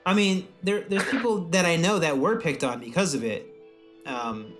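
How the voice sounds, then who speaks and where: A man co-hosting a podcast in casual chat, animated and profane, often laughing. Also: high voice, measured pace, faint music behind. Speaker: podcast co-host.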